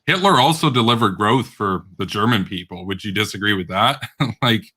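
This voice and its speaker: A man's voice: on the low side, expressive, moderate pace, bright, forceful tone, husky. A man hosting a heated online debate, combative and interrupting, often laughing scornfully. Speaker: debate host.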